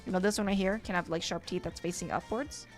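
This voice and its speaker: A woman's voice: fairly low pitch, steady tone, quick pace, soft background music. A woman teaching a live-stream drawing lesson, chatty and rambling with lots of fillers. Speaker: art teacher.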